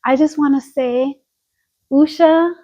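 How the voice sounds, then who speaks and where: Podcast co-host, woman, high voice, animated storyteller acting out quotes; slightly muffled audio. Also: slow pace. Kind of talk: casual gossip chat.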